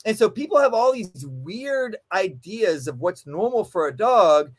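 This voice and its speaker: A man's voice: sits high, sing-song, measured pace. A man, a dog trainer and guest, telling stories in a casual, emphatic way with frequent swearing, acting out the voices he quotes. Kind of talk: animated storytelling in casual conversation.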